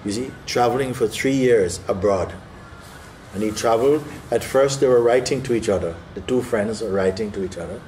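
A man and spiritual teacher telling a parable to listeners, animated and often checking in with "no?" and "you see?". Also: on the low side, moderate pace, slight background noise. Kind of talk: storytelling in a spiritual talk.

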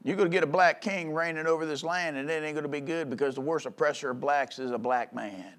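A male pastor preaching a fiery sermon, punctuating his points with calls for agreement and swinging between low rumbling asides and loud outbursts. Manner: emphatic preaching with frequent call-outs for agreement; reads old-style scripture aloud in measured tones.

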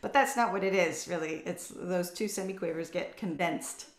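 A woman giving a cello masterclass, explaining in a relaxed way with many fillers and restarts. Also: fairly low pitch, moderate pace. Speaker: cello teacher. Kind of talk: online masterclass. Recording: echoey room with cello playing.

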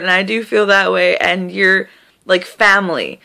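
A woman's voice: medium pitch, moderate pace, sharp tone. A young woman talking to camera from bed in an emotional casual vlog, gushing, breathless and repeating herself, with laughs breaking into her words. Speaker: vlogger. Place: in bed at home.

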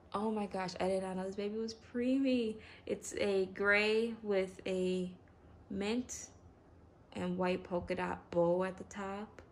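A woman hosting an unboxing vlog, talking in an excitable, gushing way and repeating herself. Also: mid-range voice, slight background noise. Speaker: reborn doll channel host.

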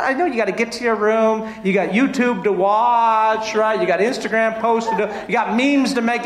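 A man preaching a sermon as a pastor, talking animatedly and swinging between loud and hushed delivery, in a church sanctuary. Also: very high-pitched. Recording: echoey church hall.

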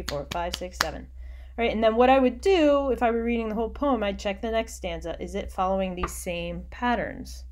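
A woman teacher giving a recorded online lecture, explaining patiently and often dropping into quiet muttering as she works. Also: mid-range voice, noisy background.

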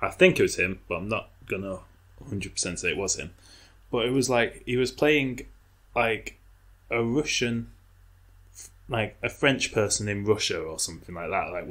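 Podcast cohost guy, lower voice, easygoing, acts out the quotes in his stories. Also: moderate pace. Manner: relaxed storyteller, acts out quotes. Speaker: podcast co-host. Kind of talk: casual chat.

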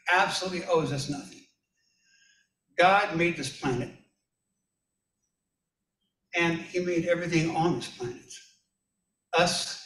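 A male pastor giving a conversational sermon, telling personal stories in a folksy way and speaking directly to his listeners. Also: on the high side. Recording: echoey room, distant from mic.

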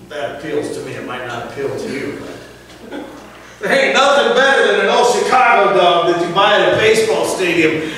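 An older man, a pastor, preaching a sermon with emphatic swings from loud declarations to soft, hushed asides. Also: sits high, a little hiss or hum. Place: church sanctuary. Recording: echoey church hall from far off.

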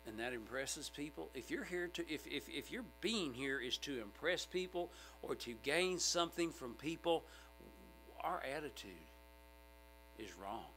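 A middle-aged male pastor preaching a sermon in a church sanctuary, emphatic and swinging from loud outbursts to hushed asides. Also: fairly high pitch, very animated, unhurried, soft background music, low-quality recording.

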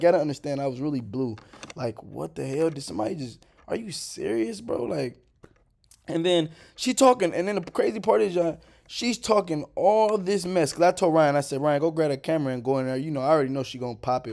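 A man's voice: mid-range voice, darkish tone. A man in his twenties talking over a clip in a casual, rambling vlog style, full of slang and "bro". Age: 20s. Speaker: vlogger.

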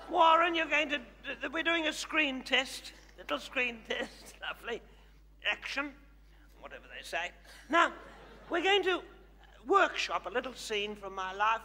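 A man playing a brash, self-adoring older woman diva with an Australian accent, doing live stage comedy. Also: full character voice. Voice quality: high, bright and theatrical. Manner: bossy, fussing and self-adoring. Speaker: comedy host. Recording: live theatre with hall reverb.

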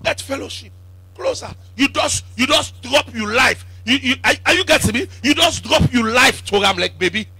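Preacher man, high husky voice, call and response, shouty then muttering. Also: lively intonation, moderate pace, no room sound. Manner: emphatic call-and-response preaching, swinging from shouts to low asides. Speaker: apostle preaching. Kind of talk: sermon.

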